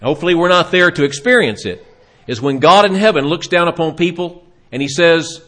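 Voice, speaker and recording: A man's voice: fairly high pitch, expressive, fairly quick, a bit bright. A man preaching a sermon, retelling Bible stories and briefly voicing the people in them. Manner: dramatic retelling of scripture, acting out voices.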